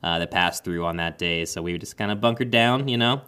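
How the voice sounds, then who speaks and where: A man's voice: low voice, brisk, sharp tone, smooth. A man in his thirties co-hosting a gaming podcast in casual chat, friendly and rambling. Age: 30s. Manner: friendly, rambling, many fillers and restarts. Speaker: podcast co-host.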